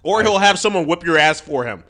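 A man co-hosting a podcast, talking in a deliberate, wry way and often correcting himself. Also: on the high side, animated, a bit bright. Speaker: podcast co-host. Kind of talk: casual joking chat.

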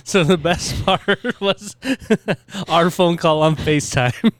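A man's voice: fairly high pitch, takes it slowly, dry recording. A man chatting casually, laughing a lot and chiming in with jokes. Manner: giggly, chimes in with jokes. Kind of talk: casual chat.

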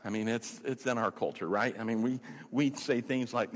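A man preaching a sermon as a pastor, conversational and animated, with rhetorical questions and casual fillers. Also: mid-range voice, moderate pace, big-room sound.

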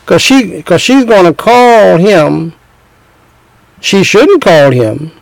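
A middle-aged man delivering relationship advice in a preachy, emphatic way, hammering his points with repetition. His voice sits a bit high for a man, with a gravelly rasp. The sound is close and dry. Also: very animated, takes it slowly, no room sound, rough recording. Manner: emphatic, repetitive, acts out scenes. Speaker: speaker giving relationship advice.

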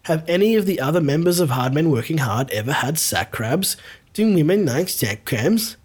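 A man's voice: a little high, animated, normal speed, breathy edge. A man hosting a crude comedy podcast, reading listener emails with teasing, mock-formal banter and frequent laughs.

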